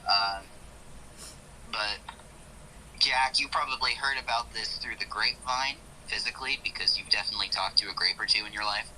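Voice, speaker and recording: Bright-voiced male game master. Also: fairly low pitch, normal speed, slight background noise, poor audio. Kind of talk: narrating a tabletop game.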